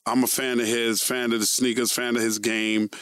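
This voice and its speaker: A man, telling stories as a guest in a casual interview, animated and swearing freely. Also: medium pitch, moderate pace, smooth, no echo. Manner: profane, animated storyteller. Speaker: guest, veteran radio and TV host.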